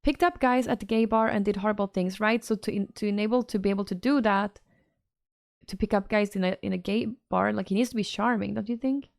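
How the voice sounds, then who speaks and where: A woman's voice: medium pitch, a little fast, vocal fry, dry recording, clean studio sound. A woman streamer, chatting casually and reacting to messages from her chat.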